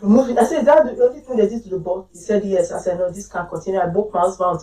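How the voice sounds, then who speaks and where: High-voiced woman telling a lively story. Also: racing. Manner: emphatic, acts out her own quoted lines. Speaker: talk show guest. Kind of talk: animated personal storytelling. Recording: roomy, distant mic.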